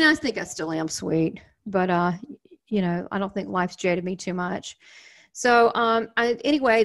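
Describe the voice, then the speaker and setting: A woman's voice: mid-range voice, a bit bright. A middle-aged woman with a Southern US accent, hosting her own channel and telling a personal story in a chatty, rambling way full of fillers and asides. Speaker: channel host. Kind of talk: casual storytelling to viewers.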